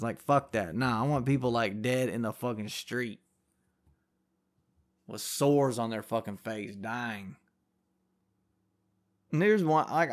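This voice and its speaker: A man ranting loosely on his podcast, his speech full of curses and the filler "like". He drifts from point to point in a casual, offhand way, at a middling pitch for a man. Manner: profane, rambling, heavy use of filler "like". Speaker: podcast host. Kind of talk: casual rant.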